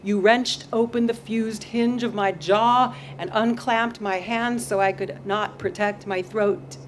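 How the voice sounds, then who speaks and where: A woman poet reads her work aloud outdoors, unhurried and deliberate. Her delivery swings between fierce intensity and dry self-mockery. Faint ambient sound sits behind her. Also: mid-range voice, fairly even intonation, a little hiss or hum. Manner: intense and dramatic, turning wry and self-mocking. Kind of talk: live poetry reading. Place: outdoor backyard venue.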